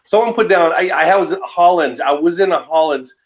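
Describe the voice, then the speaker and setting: A man telling a ghost story in a casual, animated way, laughing often. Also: on the high side, brisk, muffled recording. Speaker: guest.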